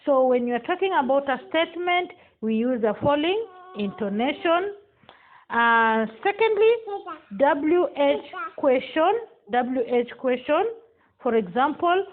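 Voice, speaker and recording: A woman teaching a classroom lesson, speaking slowly and deliberately and stressing each example sentence. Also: high voice, lively intonation. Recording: tinny phone-like sound.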